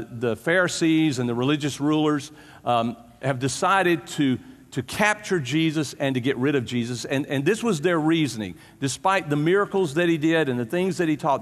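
Casual preacher in an echoing hall. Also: male voice, medium pitch. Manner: casual, animated storytelling with frequent restarts. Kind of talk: conversational sermon. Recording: long hall reverb.

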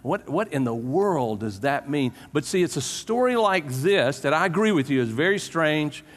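A man with a slightly high voice preaches a relaxed, conversational sermon. He tells the story with animation and stumbles over restarts. His words ring out with a long reverb in a church hall. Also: moderate pace.

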